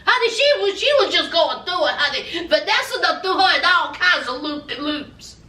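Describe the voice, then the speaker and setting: A woman hosting a casual, gossipy TV recap, telling the story in a sassy, animated way. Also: very high voice, normal speed, distant mic. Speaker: reality TV recap host. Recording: echoey room, away from mic.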